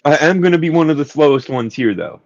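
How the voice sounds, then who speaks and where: A man's voice: on the high side, animated, quick pace, a little mellow. A man playing a tabletop game, chatting casually about his character's stats. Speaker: player. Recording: muffled lo-fi mic.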